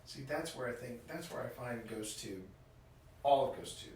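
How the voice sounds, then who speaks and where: A man's voice: mid-range voice, normal speed, a little mellow. A man hosting a live ghost hunt in an old inn, coaxing spirits in a friendly tone as he chats with his co-host. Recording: echoey room, voice from far off, faint hiss.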